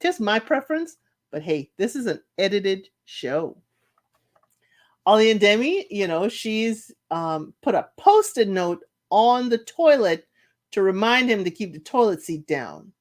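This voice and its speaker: Animated woman recapping a reality show. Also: medium pitch, a little slow. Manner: animated, laughs, mimics cast members' quotes. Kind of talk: casual commentary recap.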